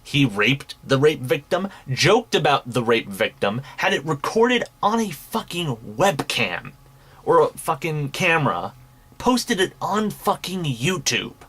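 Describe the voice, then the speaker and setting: A man's voice: a little high, sing-song, measured pace, a bit bright, breathy edge. A young man hosting a commentary show, ranting angrily with heavy swearing and mocking scorn. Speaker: commentary podcast host. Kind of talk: angry profane commentary.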